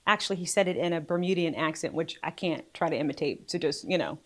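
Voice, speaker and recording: A woman's voice: low voice, fast talker. Chatty self-deprecating woman vlogger. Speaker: vlog host. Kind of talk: casual faith vlog.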